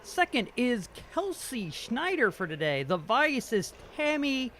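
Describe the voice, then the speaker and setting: A man's voice: very high voice, sing-song, unhurried, few pauses, a bit bright. A man doing amateur commentary on a curling game, joking and self-deprecating and stumbling over players' names. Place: curling rink.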